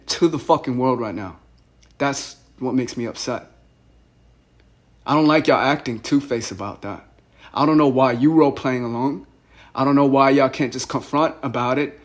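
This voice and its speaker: An agitated young man ranting on a phone call, with a fairly high voice. He rambles and repeats himself, pushing hard to be heard. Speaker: caller.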